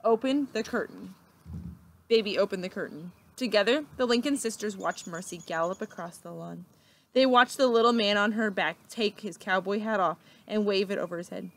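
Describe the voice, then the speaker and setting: A teacher reading a children's book aloud with expressive, steady storytelling. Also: female voice, mid-range voice, fairly quick.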